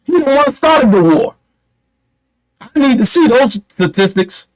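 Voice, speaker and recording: Guy with a really high voice going off on a rant, blunt, swears a lot, keeps throwing out questions. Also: lively intonation, a little slow, rough recording. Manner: blunt, profane and emphatic, with repeated rhetorical questions. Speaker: online commentator. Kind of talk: heated political rant.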